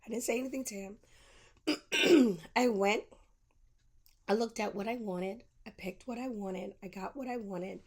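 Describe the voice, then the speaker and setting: A woman's voice: fairly high pitch, measured pace, a little mellow, slightly rough. A woman podcast host telling a personal story in a candid monologue, acting out both sides of the conversations she recounts.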